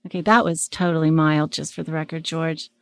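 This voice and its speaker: A woman hosting and coaching, animated and stammering as she plays a wife in a role-play and gives advice. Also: low voice, a little fast, creaky, clean tone, dry recording. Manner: stammering, animated, often restarting her words. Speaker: host and relationship coach.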